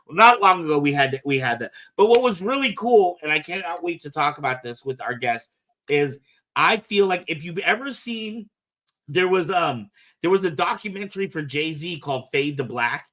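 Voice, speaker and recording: A man's voice: on the high side, sharp tone. A man hosting a podcast in casual chat, enthusiastic and a bit rambling when introducing a guest. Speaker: podcast host.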